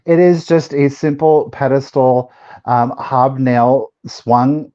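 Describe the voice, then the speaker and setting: A man's voice: medium pitch, takes it slowly, mellow. A man co-hosting a live vintage sale, joking around and trailing off with fillers as he describes items. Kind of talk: casual live-stream selling. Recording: dull lo-fi stream audio.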